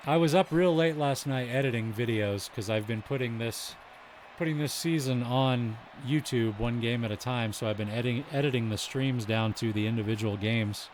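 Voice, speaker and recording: A man's voice: medium pitch, a little hiss or hum. A man streaming a baseball video game, calling the action in a mock broadcaster style and breaking off for chatty, self-deprecating asides. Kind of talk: baseball play-by-play commentary with asides to chat.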